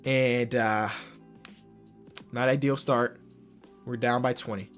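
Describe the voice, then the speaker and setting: A young man calls a basketball video game as a gaming YouTuber, his voice at a middle pitch. He drops into low muttering and then bursts into loud, excited yelling, full of slang. Faint music plays behind him. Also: slow pace. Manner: slangy, talks to himself about the game.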